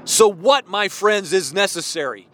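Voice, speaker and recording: A man in his forties preaching a fervent, worked-up sermon, at times yelling. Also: sits high, expressive, unhurried. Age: 40s. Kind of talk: impassioned sermon.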